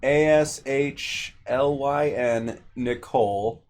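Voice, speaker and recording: A man chatting as a guest comedian on an interview show, self-deprecating and quick to laugh. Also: mid-range voice, darkish tone, slight background noise. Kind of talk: casual interview chat.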